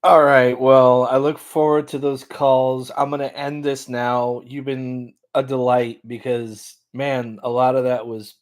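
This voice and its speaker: A man's voice: mid-range voice, level tone, measured pace, few pauses. Teasing man bantering with an AI. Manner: teasing, mock-boastful banter. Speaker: YouTube comedy host. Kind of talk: casual joking chat with an AI.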